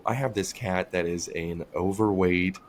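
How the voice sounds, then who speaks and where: A man co-hosting a podcast, telling a story in an animated, profane way in casual chat. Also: sits low, unhurried, a little hiss or hum. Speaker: podcast co-host.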